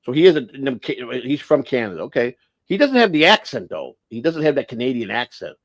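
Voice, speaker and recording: A man's voice: mid-range voice, sing-song, fairly quick, dry recording. A man hosting a casual livestream, rambling and blunt, swearing freely and restarting his sentences. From United States. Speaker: livestream host.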